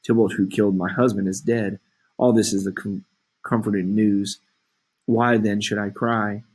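A torn, lovestruck young heroine, read aloud by a man. The voice is low and husky with little rise and fall. The lines come out plain and unhurried, as someone reading a play aloud. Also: level tone, darkish tone. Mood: anguished.

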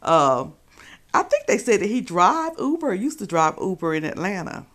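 A woman's voice: mid-range voice, very animated, normal speed, fairly bright tone. A woman hosting a live stream, gossiping about a clip and greeting viewers by name. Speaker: livestream host. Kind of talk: casual commentary on a live stream.

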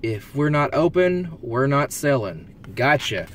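A man narrates a casual vlog from his car as he drives through a village, excitedly reading signs aloud and marveling at the sights. His voice is mid-range and a little quick, with few pauses and slight background noise.

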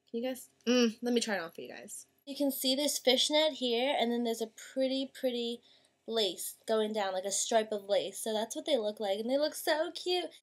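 A young woman with a slightly high voice talks chattily about her purchases, gushing and drawing out her words. Her casual vlog tone stays bubbly. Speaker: vlogger. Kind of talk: casual haul video chat.

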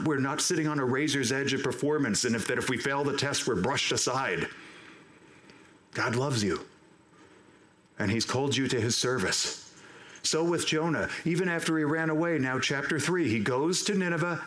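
A man preaching a sermon as pastor, animated and acting out the voices of the people he quotes. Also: medium pitch. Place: church sanctuary. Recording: roomy church echo.

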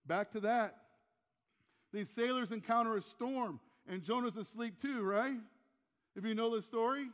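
A man's voice: very high-pitched, fairly bright tone, in a large hall, lo-fi sound. An older man preaching a sermon as pastor in a church, talking in a conversational way, asking rhetorical questions and repeating key phrases. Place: church sanctuary.

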